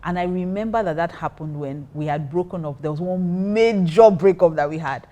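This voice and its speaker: Woman, low-pitched, animated storytelling, acts out her side of conversations. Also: normal speed. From Nigeria. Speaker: pastor and co-host. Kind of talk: casual storytelling.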